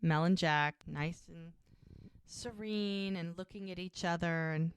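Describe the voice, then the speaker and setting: A woman co-hosting a casual recap podcast, retelling scenes in an animated way and acting out the characters' lines. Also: lowish voice, a little slow, clear, resonant tone, no echo. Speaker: podcast co-host.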